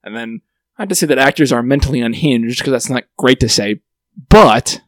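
A man's voice: mid-range voice, animated, moderate pace, no room sound. Joking male podcast host, dry sound. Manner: rambling, joking, laughs often. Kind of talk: casual chat.

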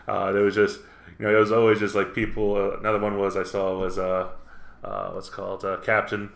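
An easygoing man co-hosting a casual podcast, mostly chiming in with short agreeing replies. His voice sits low, and the echoey room gives it a roomy ring. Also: completely flat delivery, a little fast, creaky. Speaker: podcast co-host. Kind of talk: casual chat.

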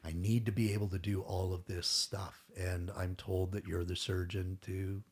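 A man's voice: deep voice, flat delivery, moderate pace, husky. A middle-aged man telling a long story as a podcast guest, rambling and acting out what others said, with casual swearing.

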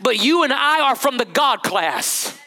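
Bright, animated preacher man. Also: very high voice, a little slow. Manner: animated, conversational, calls to the crowd. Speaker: pastor. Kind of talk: sermon.

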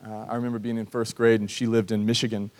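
A man's voice: lowish voice, little pitch movement, fast talker, a little mellow. A man in his thirties from Georgia, a pastor preaching a sermon in a conversational, earnest way during a church service. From Georgia, USA. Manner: conversational, earnest, acts out quoted voices. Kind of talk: sermon with personal storytelling.

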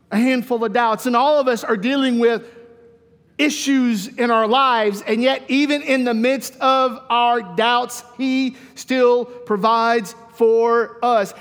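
High-voiced preacher in a reverberant hall. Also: male voice. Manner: swings between soft hushed passages and lively, raised mock dialogue. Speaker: pastor. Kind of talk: sermon. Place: church sanctuary. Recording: long reverb of a church hall.

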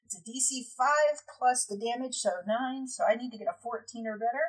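A woman's voice: on the high side, brisk, low-quality recording. A woman running a tabletop game as game master, narrating scenes loosely with lots of "like" and "kinda".

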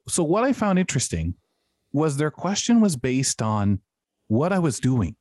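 A man co-hosting a panel discussion who talks haltingly, restarting his sentences often. His voice sits at a middle pitch, and the recording is dry and close. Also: big pitch swings, a little mellow, dry recording. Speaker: co-host.

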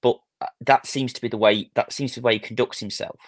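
A man's voice: mid-range voice, steady tone, no room sound. A man co-hosting a football podcast, choosing his words carefully and hedging. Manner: measured, hedging. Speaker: podcast co-host. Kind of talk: casual football chat.

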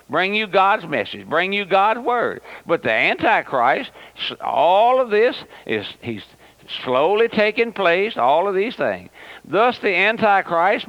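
A man's voice: a little high, a bit bright, dry recording. A man preaching an emphatic, folksy radio sermon, repeating words and calling listeners "my friend". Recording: dull, lo-fi radio broadcast.

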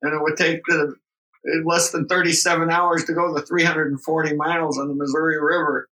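A man's voice: fairly high pitch, little pitch movement, brisk, bright, forceful tone, recorded from a distance, low-quality recording. An older man, a grandfather, telling rambling family anecdotes with chuckles as a podcast guest. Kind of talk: casual storytelling.

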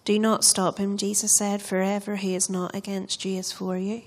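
A woman reads a Bible passage aloud during a church service. Her delivery is steady and even, with very little rise and fall in pitch. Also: moderate pace, a little hiss or hum. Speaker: scripture reader. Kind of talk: reading scripture aloud.

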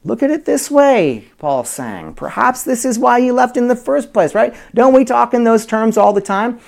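A man teaches a Bible study conversationally, filling it with rhetorical questions and swinging between loud emphasis and quiet asides. His extremely high, creaky voice has lively intonation at a moderate pace, with frequent fillers, restarts and chuckles.

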